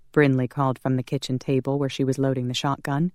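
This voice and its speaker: An audiobook narrator reading a romance in a measured, calm manner. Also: medium pitch, no room sound, studio quality. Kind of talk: scripted narration.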